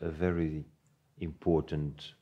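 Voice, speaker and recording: Low, husky-voiced man on a panel. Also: little pitch movement, slow, warm tone, dull audio. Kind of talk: conversational panel discussion.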